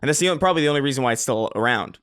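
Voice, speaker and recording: A man's voice: medium pitch, animated, very fast, a bit bright. A man co-hosting a casual podcast, chatting along and riffing with playful, absurd jokes. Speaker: podcast co-host.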